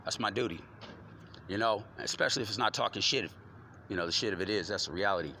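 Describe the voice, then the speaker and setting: A man's voice: lowish voice, expressive, fast, creaky, fairly bright tone. A grown man talking in a rambling, slangy stream of consciousness, full of rhyming wordplay. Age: adult. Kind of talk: rambling freestyle monologue. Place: outdoors on a front porch at night. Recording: noisy outdoor recording with traffic.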